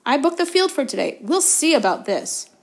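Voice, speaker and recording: Brief: woman reader doing a hot-tempered teenage captain, high and loud, bellowing orders. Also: big pitch swings, moderate pace. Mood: outraged. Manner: forceful, bellowing, indignant. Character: intense teenage boy team captain, driven and quick to anger.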